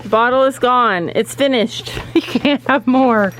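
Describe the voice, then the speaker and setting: A woman's voice: a little high, measured pace, fairly bright tone, rough recording. A woman vlogging on her farm, chatting to viewers and coaxing her goats as she tends them. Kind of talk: casual vlog talk to camera. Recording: outdoor farm noise. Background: goats bleating.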